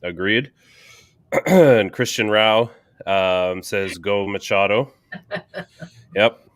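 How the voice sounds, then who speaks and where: A man's voice: fairly low pitch, extremely slow, dry recording, studio quality. A Canadian man co-hosting a casual sports podcast, chatting, joking and reading out viewer comments. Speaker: podcast co-host.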